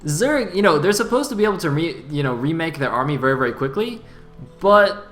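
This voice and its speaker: Analytical male caster, high voice, very fast talk, music clearly under him. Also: animated. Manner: analytical, gets loud in fights. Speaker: esports caster. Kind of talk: live game commentary.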